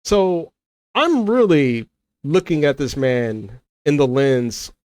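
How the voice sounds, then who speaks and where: A man's voice: on the high side, lively intonation, takes it slowly, a little mellow, no room sound. Man, heated commentary rant, argumentative, repeats himself, dry close recording. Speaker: commentary creator. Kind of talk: ranting commentary to camera.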